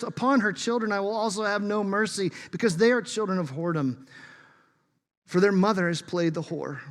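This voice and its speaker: A man preaching a sermon as pastor, emphatic and shifting between loud bursts and hushed asides. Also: sits high. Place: church sanctuary. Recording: long reverb of a large hall.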